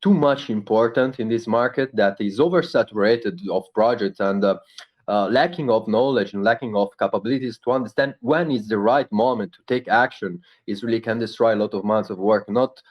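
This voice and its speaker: A man with an Italian accent, not a native English speaker, answering questions about his project in a halting way, full of pauses and fillers. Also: fairly low pitch, lo-fi sound. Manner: halting, searching for English words, many fillers. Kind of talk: casual live Q&A talk.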